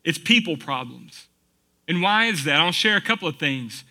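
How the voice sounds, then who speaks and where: A man's voice: high voice, expressive, fairly quick, sharp tone. A man preaching a sermon in a conversational, folksy way, asking the congregation rhetorical questions. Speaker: pastor.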